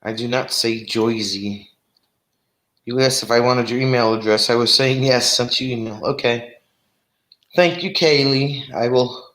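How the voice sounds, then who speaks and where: A man's voice: medium pitch, moderate pace, a bit bright, echoey room. A man from New Jersey hosting a casual live stream, chatting and laughing as he answers viewer comments. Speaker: live stream host reading chat.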